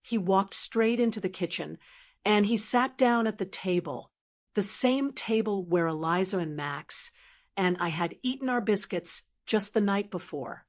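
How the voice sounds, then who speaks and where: Calm older woman storyteller. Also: medium pitch. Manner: calm, measured. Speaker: narrator. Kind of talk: storytelling narration.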